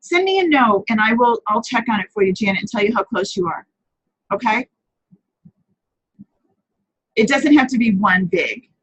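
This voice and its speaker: A woman's voice: fairly high pitch, animated, moderate pace, long pauses, fairly bright tone, slightly rough, rough recording. A woman hosting a live papercrafting chat, talking casually, answering viewers by name and often correcting herself as she goes.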